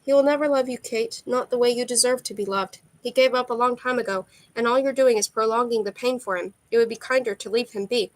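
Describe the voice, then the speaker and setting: A woman's voice: on the high side, quick pace, few pauses, no room sound, close to an everyday voice, poor audio. A woman voicing an earnest young male god who pleads urgently in a read-aloud novel. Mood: pleading.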